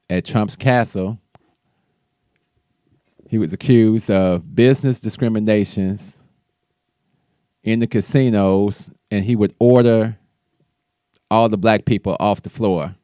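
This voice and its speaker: A man's voice: lowish voice, slow pace, long pauses, warm tone, clear, resonant tone, no echo, clean studio sound. A man hosting his own show, casually talking through political commentary in a loose, conversational way with restarts. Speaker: show host.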